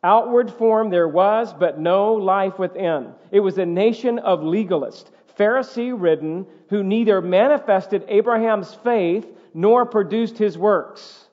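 High-voiced male preacher in reverberant hall. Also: a little slow, few pauses. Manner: emphatic, repetitive preaching cadence. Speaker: pastor. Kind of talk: sermon. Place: church sanctuary. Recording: dull audio with long hall reverb.

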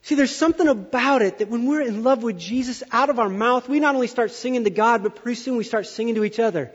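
A middle-aged man with a high voice preaches a lively, exaggerated sermon. His voice rings with a long hall reverb and sounds dull and muffled, as if from a church sanctuary. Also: quick pace, husky. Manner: animated, exaggerating storyteller. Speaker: pastor.

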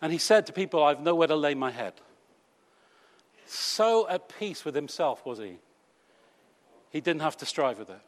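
A man's voice: fairly high pitch, very animated, normal speed, pauses often. A British man preaching a sermon to his congregation in a conversational, teasing way, full of rhetorical questions. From Britain. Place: church hall. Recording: long reverb of a church hall.

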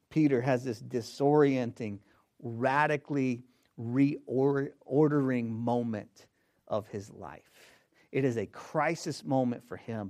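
Male pastor, sermon delivery, emphatic with hushed and loud swings, repeats key lines. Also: medium pitch.

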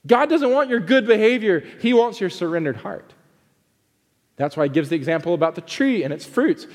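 A man's voice: fairly high pitch, very animated, a little fast. Impassioned male preacher in a reverberant hall. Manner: passionate preaching, swinging from loud emphasis to hushed pleading. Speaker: pastor. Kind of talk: sermon.

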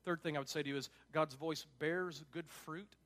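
A pastor with a notably high-pitched male voice delivers a sermon in an easygoing, conversational way. He leans hard on key points and drops in casual asides as he goes. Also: fairly even intonation, normal speed, fairly bright tone. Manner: emphatic, casual asides with frequent "like".

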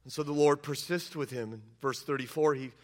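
A man's voice: on the high side, brisk, a little mellow. A male pastor preaching a sermon, retelling scripture scenes emphatically and acting out the quotes.

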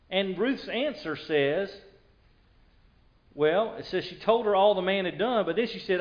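A man's voice: sits high, lively intonation, moderate pace, lo-fi sound. A male pastor preaching a conversational sermon and retelling scripture in an everyday voice.

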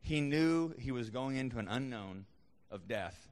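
A man's voice: mid-range voice, animated, measured pace, a little mellow, long reverb tail. A man preaching a sermon as a pastor, conversational, with frequent restarts and fillers.

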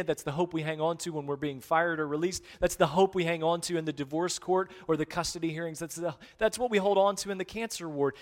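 A man preaching a conversational sermon as pastor, swinging between hushed and loud. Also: sits high, big-room sound.

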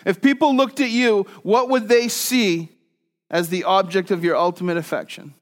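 Preaching in a conversational style, a pastor with a high, steady male voice speaks at normal speed. He weaves scripture together with funny personal stories, moving between loud and soft delivery.

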